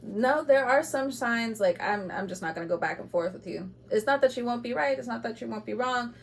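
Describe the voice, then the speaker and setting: A woman giving an intuitive tarot reading to camera, speaking bluntly and with passion, moving between loud urging and quiet asides, with laughs between points. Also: fairly high pitch, lively intonation, a little fast, vocal fry, a little hiss or hum. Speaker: tarot reader.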